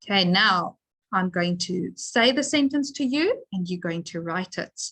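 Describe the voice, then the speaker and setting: A woman teacher giving a phonics lesson to young children, sounding out letters and words with slow, careful emphasis. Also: on the low side, expressive, fairly bright tone, low-quality recording.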